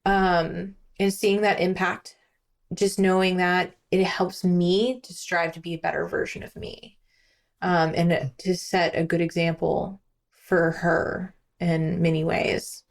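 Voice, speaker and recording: A woman's voice: lowish voice, level tone, slow, creaky. A young woman sits as a podcast guest and chats casually. She tells her story with animation and slips into voices for her own remembered words. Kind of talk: casual chat.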